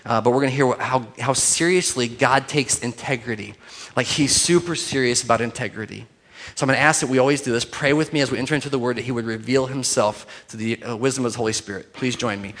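A male pastor delivering a sermon in a loose, conversational way. He jokes with the congregation and builds to emphatic points. His voice sits at an ordinary middle pitch for a man. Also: fast talker. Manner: conversational and joking, building to emphatic points, then a soft prayer.

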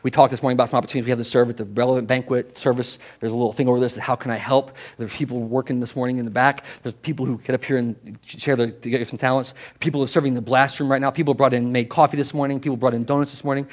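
A male pastor in a mid-range voice preaches a church sermon rapid-fire, with flat delivery and few pauses. His style is conversational, alternating emphatic and hushed passages.

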